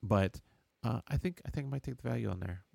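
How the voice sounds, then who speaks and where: A man co-hosting a casual sports chat, rambling and halting with lots of "uh"s and chuckles. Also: medium pitch, creaky, darkish tone, no room sound. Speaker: podcast co-host.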